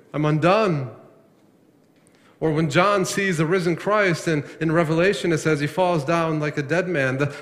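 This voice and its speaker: A man's voice: on the high side, a bit bright. A man preaching a sermon as a pastor, asking the congregation questions and answering them himself, often repeating words for emphasis. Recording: long echo of a large hall.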